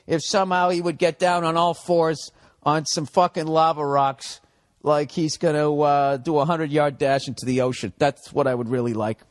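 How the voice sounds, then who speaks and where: A man's voice: a little high, steady tone, moderate pace, no echo. A middle-aged man with a Boston accent ranting solo on his podcast, profane and sarcastic, asking and answering his own questions. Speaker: podcast host. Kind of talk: solo comedic rant.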